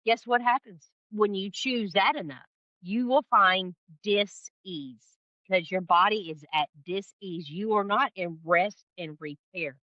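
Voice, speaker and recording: A woman guest telling a personal story in an interview, expressive and emphatic, acting out the voices she quotes. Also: medium pitch, unhurried, no echo, dull audio. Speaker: podcast guest, spiritual guide. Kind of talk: animated storytelling in conversation.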